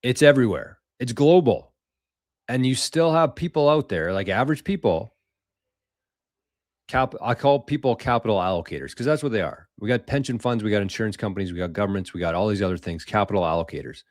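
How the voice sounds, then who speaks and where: Man, live-stream host, low voice, dry close sound, rambling, casual, profane. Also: lively intonation, brisk, no room sound. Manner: rambling, loose and profane, chatting with viewers. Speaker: podcast host.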